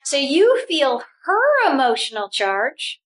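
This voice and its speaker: A high-pitched woman guiding a spiritual group session. She talks with bubbly, animated energy, breaking into laughter and restarting phrases as she goes. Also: slow pace, poor audio.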